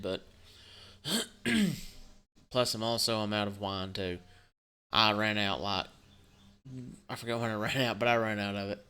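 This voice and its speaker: Casual male vlogger, worn out and low-key, rambling, smooth and clear tone. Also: bright, forceful tone. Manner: halting, rambling, with frequent restarts and swearing. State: subdued and tired. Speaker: gaming channel host. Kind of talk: casual vlog talk.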